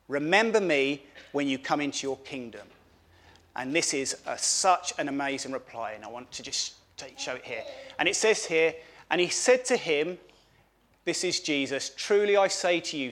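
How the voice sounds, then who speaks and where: A man giving a children's sermon at a family church service, animated, asking the children questions and repeating words for emphasis. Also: on the high side.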